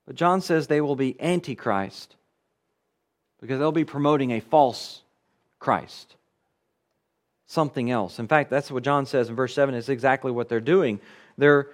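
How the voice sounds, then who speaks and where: A man giving an earnest expository sermon, teaching through a Bible book and driving points home with repeated phrases. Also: high voice. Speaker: preacher.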